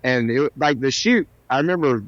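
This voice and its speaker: A man's voice: medium pitch, moderate pace, dry recording. Man telling stories in a muffled recording. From South Carolina, US. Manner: animated anecdotes with self-deprecating humor. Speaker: musician guest. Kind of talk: casual interview storytelling. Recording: dull, slightly lo-fi sound.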